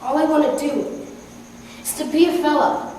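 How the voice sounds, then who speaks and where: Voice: high voice, steady tone, moderate pace, darkish tone, slight background noise, lightly acted. A stage actor playing a nervous young groom who anxiously pleads with his mother and vows to care for his bride. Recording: echoey hall taped from far off.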